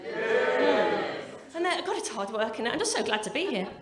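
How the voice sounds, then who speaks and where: A woman's voice: a little high, very animated, moderate pace, heavy background noise. A woman, performing a chatty, wry and sweary stand-up set. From English Midlands. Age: 40s. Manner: chatty, wry and sweary, with self-deprecating asides. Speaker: stand-up comedian. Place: comedy club stage. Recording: echoey club with a laughing crowd.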